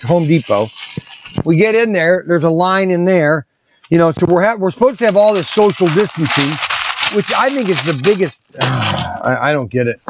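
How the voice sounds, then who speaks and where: A man talks in a loose, rambling way, often restarting his sentences, as he packs orders in his shop. His voice sits a little high for a man. The recording is somewhat dull and lo-fi, with a faint hiss behind him. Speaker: toy shop owner. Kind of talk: casual vlog while packing orders. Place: indoor shop packing area. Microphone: separate mic system away from the camera.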